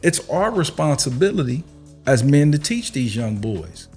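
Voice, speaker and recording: A man's voice: medium pitch, big pitch swings, measured pace, a little mellow, faint music behind. A man co-hosting a podcast, making emphatic, preachy points in casual chat. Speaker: podcast co-host.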